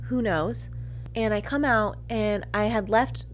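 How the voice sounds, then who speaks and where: An unhurried woman with a medium-pitched voice hosts a podcast, telling an open, personal story over a faint hiss or hum. She swears liberally and dramatizes her reactions, veering from murmurs to loud outbursts.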